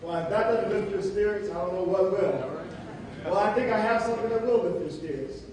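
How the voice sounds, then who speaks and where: A man's voice: high voice, fairly quick, background noise. Man introducing a speaker in a hall. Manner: reads from notes with stumbles and self-corrections. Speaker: host introducing a guest speaker. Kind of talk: reading a speaker introduction at a public event. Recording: roomy hall audio from a distant mic.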